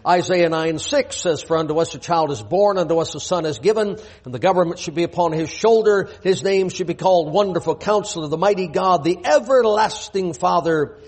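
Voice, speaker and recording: A man's voice: high voice, brisk, hardly any pauses, a little mellow, husky. A man preaching a sermon in a church, reading scripture aloud and pressing his point with rhetorical questions.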